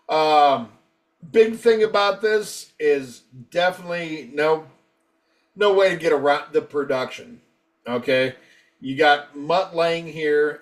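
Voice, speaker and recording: A man co-hosting a casual album review, rambling and swearing freely, acting out quotes from band members. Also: fairly high pitch. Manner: profane, rambling, acts out quotes. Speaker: podcast co-host.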